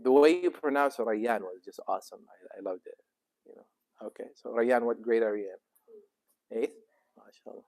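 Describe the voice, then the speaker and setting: A man's voice: mid-range voice, moderate pace, a little mellow. A middle-aged man, a sheikh, chatting casually and jokingly with teenagers in a mosque youth program. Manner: easygoing and joking. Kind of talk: casual chat with teens.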